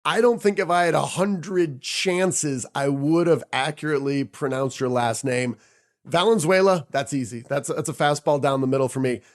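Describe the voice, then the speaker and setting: Male podcast host, slightly high voice, punchy and playful delivery. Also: moderate pace. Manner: playful, emphatic, repeats for effect. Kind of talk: energetic podcast intro and interview.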